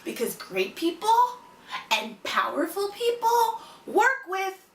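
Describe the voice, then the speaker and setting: A woman's voice: extremely high pitch, sing-song, slow, roomy sound, distant mic, a crowd in the background. A woman giving an emphatic, repetitive motivational address to a single listener. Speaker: motivational speaker.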